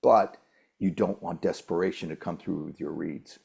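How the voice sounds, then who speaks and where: A man talking as a guest voice-over coach, giving casual advice in an animated way that acts out quoted voices. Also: sits low, normal speed, vocal fry, breathy edge.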